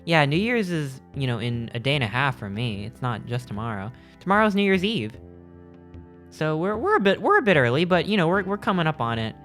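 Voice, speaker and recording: A man's voice: on the high side, sing-song, a little fast, a bit bright, soft background music. A man streaming, chatting casually with his live chat in a rambling, joking way, often stopping mid-sentence to restart. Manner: rambling, jokey, self-interrupting.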